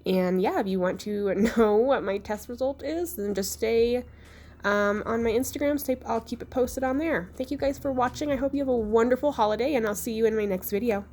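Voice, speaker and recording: A young woman with a hoarse, sick-sounding voice, chatting her way through a makeup tutorial voice-over in a relaxed, self-deprecating way. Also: fairly high pitch, fairly quick. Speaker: beauty vlogger.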